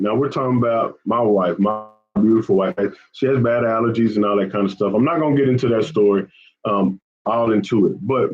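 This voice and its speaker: A man's voice: lowish voice, brisk, lo-fi sound. A man hosting a fishing channel, chatting casually with viewers on a live stream. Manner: chatty, repetitive, often says man and y'all.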